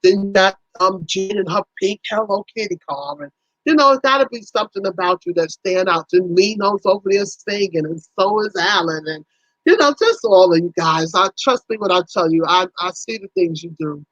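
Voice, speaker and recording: A woman's voice: medium pitch, normal speed, a bit bright, no room sound, dull audio. A woman hosting a casual livestream, chatting in a folksy way with her viewers and acting out little conversations. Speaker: livestream host.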